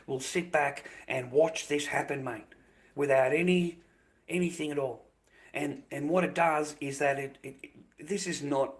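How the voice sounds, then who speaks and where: Swearing Australian man ranting on stream. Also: mid-range voice. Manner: heated, swears constantly, repeats himself. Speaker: live streamer. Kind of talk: angry profane rant.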